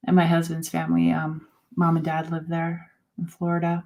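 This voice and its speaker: A woman in her forties hosting a casual live chat, talking in a halting way with many fillers and soft laughs. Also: deep voice, monotone, vocal fry. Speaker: host.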